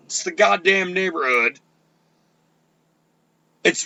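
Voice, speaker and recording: An older man hosting an internet radio talk show, ranting loudly and profanely with fiery energy. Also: high-pitched, very animated, measured pace, gravelly, no room sound.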